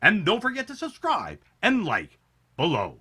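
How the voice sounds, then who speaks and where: A man hosting a playful scripted news segment with a lively announcer delivery. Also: high-pitched, normal speed, soft background music. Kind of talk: upbeat scripted news parody.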